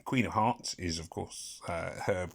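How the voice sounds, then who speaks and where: Man, very low voice, from Britain, casual game commentary, rambling, self-deprecating, hums to himself. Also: unhurried, gravelly. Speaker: gaming commentator.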